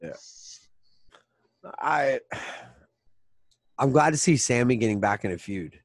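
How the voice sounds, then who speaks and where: A man's voice: mid-range voice, lively intonation, slow, no echo. A man co-hosting a podcast, chatting casually and teasing his co-host. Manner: joking, teasing banter. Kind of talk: casual chat.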